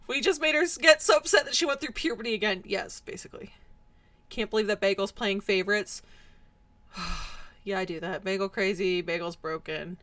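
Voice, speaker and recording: A young woman streamer chatting with her viewers, mock-angry and exasperated, her voice hoarse and cracking from yelling. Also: mid-range voice, moderate pace, long pauses, dry recording. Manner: mock-angry, exasperated, laughing rants at chat. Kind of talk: casual live-stream chat with viewers.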